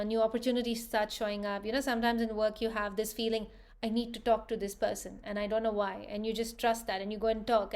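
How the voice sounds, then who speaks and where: A woman's voice: medium pitch, clean tone. A woman hosting a live spiritual workshop, talking conversationally and often checking in with her listeners. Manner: animated storytelling. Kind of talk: live online workshop talk.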